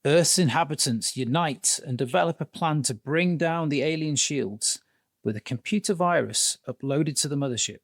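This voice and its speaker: A man's voice: a little high, normal speed, no echo, studio quality. A man hosting a comedy podcast, introducing segments with wry chat. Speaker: podcast host.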